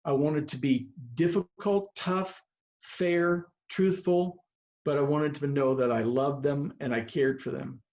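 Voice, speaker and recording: A man's voice: a little high, steady tone, measured pace, a little mellow. A man in his seventies, a veteran baseball coach, telling heartfelt stories on a video call in an earnest, rambling way. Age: 70s or older. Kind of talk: personal storytelling on a video call. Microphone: video call microphone. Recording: muffled video call audio.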